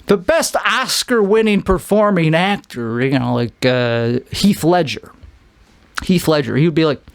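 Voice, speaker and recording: A man's voice: on the high side, expressive, a little slow, creaky, smooth, no echo. A man from Chicago with a Chicago accent, rambling through a solo podcast monologue, often restarting and trailing off. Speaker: podcast host.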